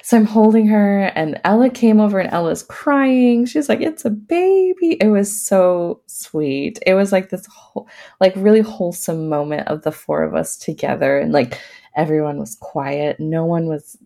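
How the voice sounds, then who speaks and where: Podcast guest, a woman with a low, gravelly, warm voice, chatty and casual, laughing often as she tells her story. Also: moderate pace. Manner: laughs often while talking; casual, many fillers. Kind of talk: personal storytelling in an interview.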